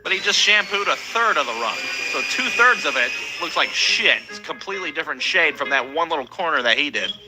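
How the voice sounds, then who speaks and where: A man's voice: on the high side, expressive, brisk, hardly any pauses, loud music behind the voice, low-quality recording. A man telling profane comic stories on stage, ranting and acting out people in raised voices. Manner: rants loudly, acts out people in raised voices. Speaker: stand-up comedian.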